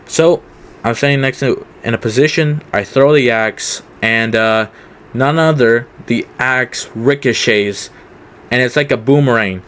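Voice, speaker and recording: A man's voice: mid-range voice, measured pace, a bit bright, a little hiss or hum. A young man telling a casual storytime, rambling with many fillers. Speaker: vlogger.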